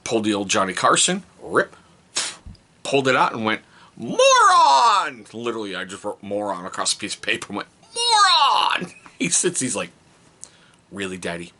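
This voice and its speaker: A middle-aged man telling stories about his kids in a casual, joking vlog. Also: quick pace. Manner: animated, jokey, mimics his kids in high voices. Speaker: vlogger, father.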